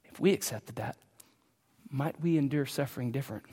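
A pastor delivering a sermon, swinging between hushed and loud, emphatic passages. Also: male voice, mid-range voice, a little fast, slightly rough, big-room sound.

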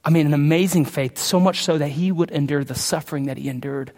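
High-voiced man preaching in a reverberant hall. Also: steady tone, fast, creaky. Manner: emphatic, swinging from hushed to loud and high. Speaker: pastor. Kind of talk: sermon.

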